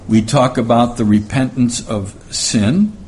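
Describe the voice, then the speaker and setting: A man delivers a sermon at an unhurried pace, leaning on repetition to drive each point home. His voice sits in a middle register. A faint ambient noise runs beneath him. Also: medium pitch, a little mellow. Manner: deliberate, repeats key phrases for emphasis. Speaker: preacher. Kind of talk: sermon with scripture reading.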